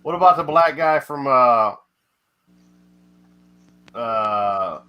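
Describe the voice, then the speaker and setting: A man's voice: mid-range voice, lively intonation, extremely slow, smooth, highs cut off. A man hosting a live stream, chatting casually and joking, often trailing off with fillers. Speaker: host.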